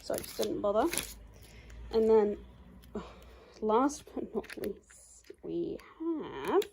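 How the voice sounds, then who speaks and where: Young girl rambling slowly through an unboxing, highish voice, bit of package crinkle behind. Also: very animated, creaky, a little mellow, slight background noise. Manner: chatty, rambling, peppered with "like". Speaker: YouTuber. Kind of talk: casual unboxing chat. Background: faint crinkling of packaging.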